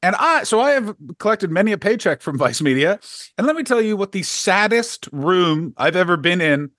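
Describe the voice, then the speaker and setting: A middle-aged man, a comedian co-hosting a podcast, telling profane, animated stories in casual chat. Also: sits high, moderate pace, dry recording, studio quality.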